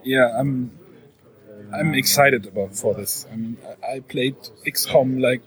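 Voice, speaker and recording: Man, German accent, podcast host, halting speech, crowd chatter behind. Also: mid-range voice, low-quality recording. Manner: halting, repeats words, laughs often. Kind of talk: casual interview chat. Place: busy game fair floor. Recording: crowd noise of a convention. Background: loud crowd chatter.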